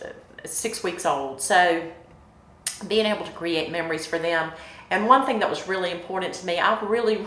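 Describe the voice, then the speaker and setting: A woman's voice: lowish voice, reverberant, a little hiss or hum, rough recording. Woman in her fifties reminiscing. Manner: warm, chatty, many fillers, emotional in places. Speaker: mayor. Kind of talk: casual interview reminiscing.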